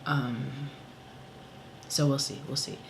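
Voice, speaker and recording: A man's voice: medium pitch, level tone, takes it slowly, creaky, noisy background. A man, a songwriter, ranting angrily in a casual vlog, swearing often and filling with "you know" and "like". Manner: angry, profane, many fillers. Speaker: songwriter vlogger.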